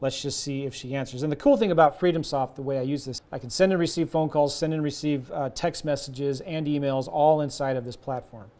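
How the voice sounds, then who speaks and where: A man's voice: on the high side, fairly quick, few pauses, warm tone. Chatty male real estate coach. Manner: conversational, acts out both sides of sales calls. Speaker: real estate investing teacher. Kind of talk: casual coaching talk with role-played seller calls.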